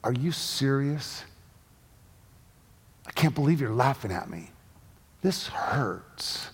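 A man's voice: medium pitch, flat delivery, moderate pace, gravelly, darkish tone, in a large hall. Heartbroken teen boy, quoted by a man. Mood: hurt. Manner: hurt and subdued. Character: heartbroken teenage boy on the phone.

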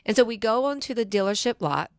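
A woman's voice: fairly high pitch, expressive, quick pace, no room sound, clean studio sound. A middle-aged woman, a financial planner hosting a radio talk show, telling stories earnestly and restarting her sentences.

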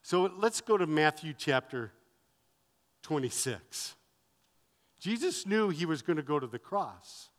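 A man's voice: a little high, very animated, measured pace, long pauses, long reverb tail. A man preaching a sermon as pastor, driving his points home with emphatic repetition.

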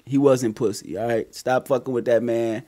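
A man casually telling a story on a podcast, profane and animated, with loud bursts as he acts it out. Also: medium pitch, moderate pace.

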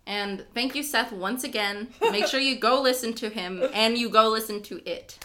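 A woman's voice: on the high side, animated, normal speed, fairly bright tone. A young woman co-hosting a casual chat podcast, giggly and rambling, often breaking into laughter. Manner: giggly, rambling, sings snatches of songs. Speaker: podcast co-host.

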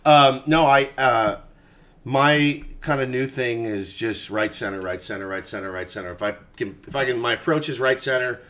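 A man in his forties in casual chat as a podcast guest, an animated storyteller who swears freely and acts out quotes. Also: mid-range voice, normal speed.

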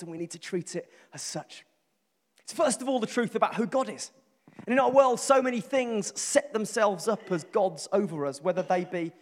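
A middle-aged man preaching a sermon, earnest and emphatic, building lists and repeating phrases. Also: high voice. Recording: long reverb from a large hall.

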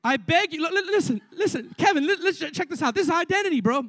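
An excitable young male preacher with a very high voice, delivering an energetic sermon full of stammered repeats and asides to the crowd. The sound is dry and close, with no room echo. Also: fast. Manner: excitable, repeats words, frequent asides to the congregation.

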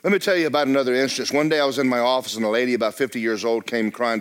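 A man's voice: mid-range voice, steady tone, rapid-fire, few pauses, clear, resonant tone. A man preaching a sermon as pastor of a church, talking straight to the congregation with joking asides.

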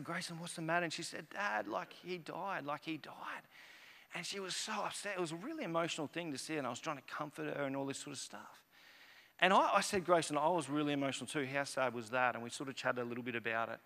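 Male pastor, 30s, slightly high, bright voice, chatty, restart-heavy sermon storytelling, church reverb. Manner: rambling, conversational, emotional storytelling with many restarts. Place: church auditorium.

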